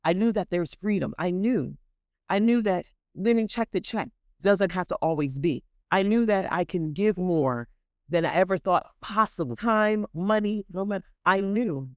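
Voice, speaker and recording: A woman hosting a podcast who gives an animated, dramatic motivational faith talk and repeats points for emphasis. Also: mid-range voice, normal speed, no room sound, studio quality. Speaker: podcast host.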